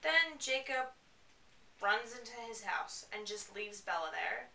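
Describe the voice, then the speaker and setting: Bright-voiced woman reading with sarcastic asides. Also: a little high, expressive, measured pace, gravelly, distant mic. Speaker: reader. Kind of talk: reading a novel aloud with sarcastic commentary. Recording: roomy, away from the mic.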